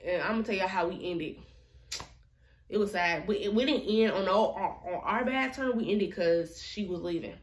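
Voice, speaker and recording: A woman's voice: mid-range voice, normal speed. A woman vlogger telling a personal story in a casual, chatty, slangy way.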